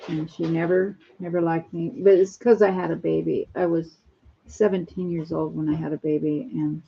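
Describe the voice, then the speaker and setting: A woman's voice: low voice, little pitch movement, normal speed, vocal fry, a little hiss or hum. A woman in her sixties chatting at home on a phone live stream, rambling from one topic to the next. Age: 60s. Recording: dull lo-fi phone audio.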